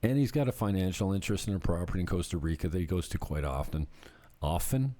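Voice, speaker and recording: A low-pitched man with a dark, mellow tone, talking loosely as a realtor on his own channel. His voice swings up and down a lot as he spins a rambling, jokey anecdote. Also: lively intonation, fast talker. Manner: rambling, jokey storytelling with laughs. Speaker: real estate agent. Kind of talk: casual vlog chat.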